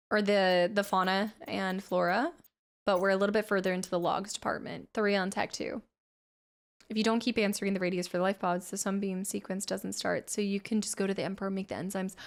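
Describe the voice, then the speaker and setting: A woman streaming a video game and chatting casually, excitable and thinking aloud as she plays. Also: mid-range voice. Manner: excitable, thinks aloud, frequent gasps and laughs. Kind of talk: casual gameplay commentary.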